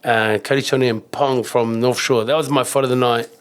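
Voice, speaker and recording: A middle-aged man with a New Zealand accent, a kickboxing champion telling rambling, animated stories in a casual interview, swearing and acting out other people's voices. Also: medium pitch, normal speed, smooth. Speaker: kickboxing champion and coach, guest.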